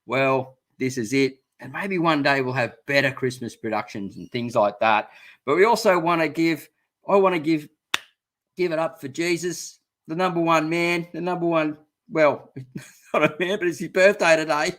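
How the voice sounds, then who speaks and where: A man's voice: a little high, normal speed, a bit bright. Chatty Australian man on a live stream. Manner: chatty, rambling, laughs often. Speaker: gardening channel host. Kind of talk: casual live stream chat.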